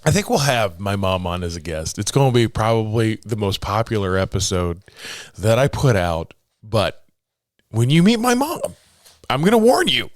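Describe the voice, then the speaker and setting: A man's voice: lowish voice, big pitch swings, normal speed, no room sound, clean studio sound. A man in his forties hosting a casual solo podcast from his home office, jokey and motivational in tone. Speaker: podcast host.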